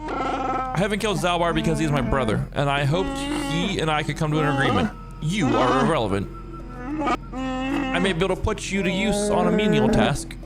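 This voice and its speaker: A haughty male Wookiee chieftain, as a man reads him aloud from a game, boastful and cold toward outsiders. The voice sits fairly high, with loud music playing under it. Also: very animated, moderate pace. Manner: pompous, boastful, dismissive. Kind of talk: reading game dialogue aloud in character.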